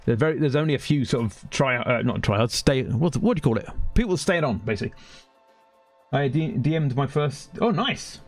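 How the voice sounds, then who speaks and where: A man's voice: medium pitch, animated, a little fast, soft background music. A man with a London accent, chatting casually to his viewers while playing a game live, rambling between topics. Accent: London English. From Britain. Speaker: game streamer. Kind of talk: live gaming stream chatter.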